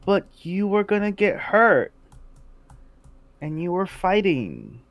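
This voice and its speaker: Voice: medium pitch, big pitch swings, slow pace, dull audio, voice pushed up. A game master voicing a young male fighter who is worried and close to tears. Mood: upset.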